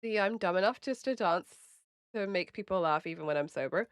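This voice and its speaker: A woman's voice: mid-range voice, brisk, clean tone, no room sound, clean studio sound. A woman in her late twenties with an English accent, chatting casually with her stream viewers, laughing often and swearing freely. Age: late 20s. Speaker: livestreamer.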